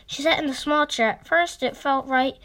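A woman reads a children's story aloud, speaking gently to young listeners. Her voice sits a little high. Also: fairly even intonation, moderate pace, rough recording. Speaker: storytime reader.

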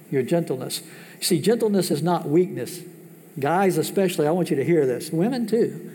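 A man preaching a sermon as pastor, asking the congregation questions and swinging between loud, high emphasis and hushed, low asides. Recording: long hall reverb.

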